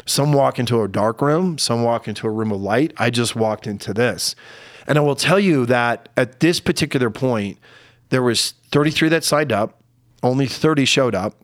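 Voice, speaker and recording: A man's voice: mid-range voice, no echo, studio quality. Candid middle-aged man telling a story. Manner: candid, halting, gets emotional. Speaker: podcast guest. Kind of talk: personal storytelling in conversation.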